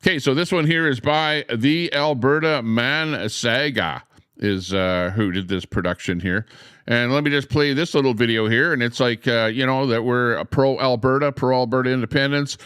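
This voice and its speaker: A man hosting a livestream outdoors beside trees, chatting in a meandering way with lots of pauses and filler words. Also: mid-range voice, fairly bright tone, smooth, no room sound, clean studio sound. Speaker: livestream host. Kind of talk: rambling casual livestream chat.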